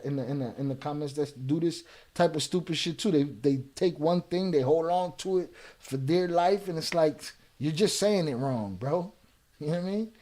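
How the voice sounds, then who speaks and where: Guy ranting on his live stream, voice sits a bit high, cussing out a troll in chat. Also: a little mellow. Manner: heated and profane, ranting back at a chat troll; laid-back, explaining points with repeated "you know". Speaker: live-stream reaction host. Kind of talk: casual live-stream chat, reading and answering viewer comments.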